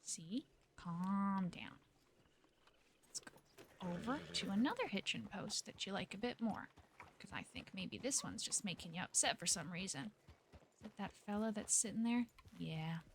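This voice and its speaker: A woman voicing a naive, friendly young frontier woman in a role-play game, talking in a folksy drawl and coaxing animals gently. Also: medium pitch, expressive, measured pace, a little hiss or hum. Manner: folksy drawl with ain't and gotta.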